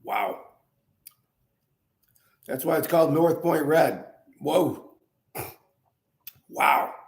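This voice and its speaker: A man's voice: fairly high pitch, extremely slow, vocal fry, roomy sound. A man who owns a winery and hosts his own show, telling a casual story full of fillers and restarts, then tasting wine. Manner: rambling with many fillers and restarts. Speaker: winery owner and show host.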